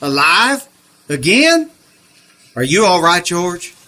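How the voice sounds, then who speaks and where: An actor in a live radio play voicing a friendly, puzzled small-town police officer who is hard of hearing. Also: male voice, high-pitched, big pitch swings, slow pace, bright, forceful tone, heavily acted. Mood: folksy. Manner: folksy, puzzled.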